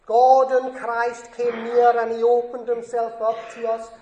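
A man's voice: extremely high pitch, monotone, measured pace, darkish tone. A man preaching a sermon in an earnest, emphatic way, lifting his voice on scripture quotes. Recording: echoey room.

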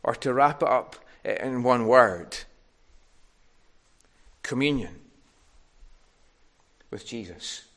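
A man's voice: mid-range voice, expressive, slow pace, long pauses, fairly bright tone. A man preaching a sermon, earnest and tender, building to emphatic peaks.

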